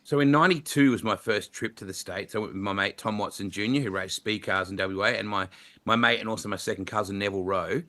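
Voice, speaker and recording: A middle-aged Australian commentator answers questions with long, lively anecdotes and jumps into playful voices for the people he quotes. His voice sits low but rings bright and forceful. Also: fast. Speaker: motorsport commentator, guest. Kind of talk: storytelling interview answers.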